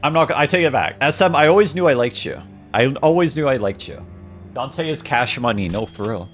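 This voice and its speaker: A male streamer giving excitable, jokey commentary while he plays a game, often breaking into loud outbursts. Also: mid-range voice, a little fast, faint music behind. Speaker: gaming streamer. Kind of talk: casual gaming commentary.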